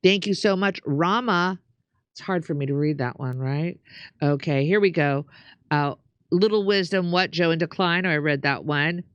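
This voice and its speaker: A woman's voice: deep voice, moderate pace, clean tone, dry recording, highs cut off. A woman co-hosting a show, casually reading out viewer comments with some hesitation. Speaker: co-host.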